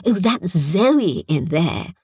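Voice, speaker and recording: Storybook: bustling, cheery hostess, slow sugary delivery, voiced by a woman. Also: on the low side, very animated, a little mellow, husky, dry recording, clean studio sound, exaggerated voice.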